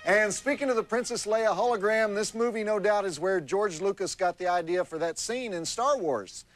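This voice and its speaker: A man hosting a late-night movie broadcast with a wry, deadpan, jokey delivery. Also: high voice, moderate pace, dry recording, faint music behind. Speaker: TV movie host.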